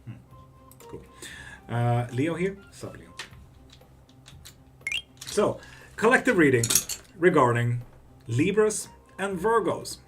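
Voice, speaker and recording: A man's voice: fairly high pitch, slow pace, long pauses, music in the background. A man hosting a live tarot stream, casually chatting, swearing freely and answering viewers' messages. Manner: relaxed, swears freely, greets and answers chat. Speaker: tarot reader and livestream host.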